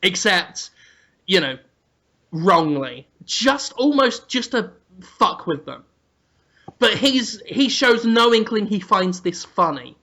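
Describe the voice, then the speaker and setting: A man co-hosting a comedy podcast, telling an absurd, crude story in an animated way. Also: sits high, slow. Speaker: podcast co-host.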